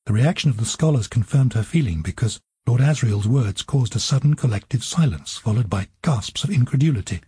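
A man narrating an audiobook in an even storytelling manner. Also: medium pitch, brisk, hardly any pauses, husky, no echo.

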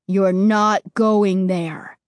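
A woman voicing a secretive young boy out at night who speaks in a low, threatening, commanding way. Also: animated, measured pace, no echo, clean studio sound, natural voice. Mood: menacing.

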